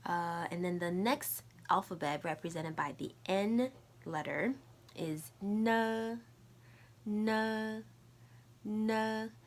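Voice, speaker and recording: A woman teaches a recorded language lesson, leading drills at an unhurried, deliberate pace. Her voice sits slightly low, and her asides between the drills drop to a soft, half-whispered tone. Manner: slow, careful drills with repeat-after-me prompts. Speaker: Mandarin teacher.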